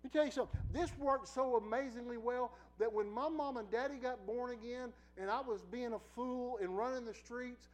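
High-voiced middle-aged man preaching. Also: brisk, few pauses, low-quality recording. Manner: lively storyteller who laughs often and swings from quiet asides to loud bursts. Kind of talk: sermon with personal storytelling.

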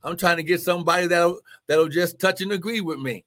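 Excitable preacher guy, high bright voice, loud bursts then quiet asides, live stream sermon. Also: moderate pace. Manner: fervent, exclamatory, swings between loud declaring and soft asides. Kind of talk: livestream sermon with donation appeal.

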